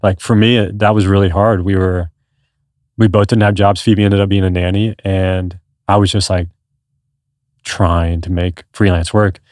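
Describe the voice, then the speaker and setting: A man in his thirties with a lowish voice tells his story in an earnest, rambling way, with many restarts. The sound is dry and close, with no room around it. It has the easy flow of a podcast chat. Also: level tone, moderate pace, darkish tone, no room sound. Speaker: podcast guest. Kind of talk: casual conversation.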